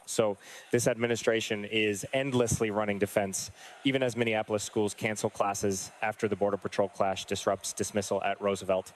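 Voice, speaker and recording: In an online commentary, a male political commentator with a somewhat low voice goes through the news, reacting bluntly and with exasperation. His pitch barely moves, he speaks fairly quickly, and there is slight background noise.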